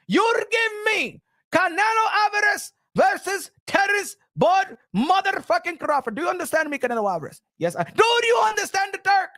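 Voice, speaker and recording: A man's voice: extremely high pitch, bright, forceful tone, no room sound, clean studio sound, pitched above the performer's own voice, full character voice. A man doing a comic impression of a pushy middle-aged male boxing promoter who makes demands and repeats himself.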